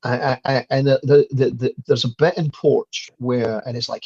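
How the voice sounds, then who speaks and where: A man's voice: mid-range voice, fairly even intonation, moderate pace, a little mellow, slightly rough, dry recording, dull audio. A Scottish man in his fifties, a guest telling a story in casual conversation, full of stuttered restarts and the odd swear. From Scotland. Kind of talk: casual interview chat.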